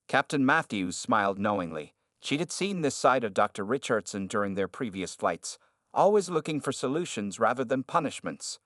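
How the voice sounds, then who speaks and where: A man narrates a scripted drama in a steady, even manner. His voice sits in a middle pitch range. The recording is close and very dry, with no room sound. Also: normal speed, dry recording.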